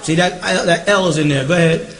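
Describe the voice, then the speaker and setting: A man with a fairly high voice leads a question-and-answer class in an emphatic, driving way. He keeps checking that his audience is following along. The sound is roomy and echoey. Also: fairly quick, fairly bright tone. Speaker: teacher.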